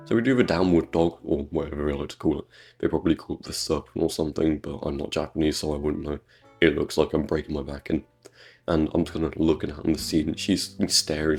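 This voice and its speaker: A man's voice: extremely low pitch, darkish tone. A British man giving crude, sarcastic, joke-filled gameplay commentary on his own channel. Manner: crude, sarcastic jokey rambling. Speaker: gaming YouTuber.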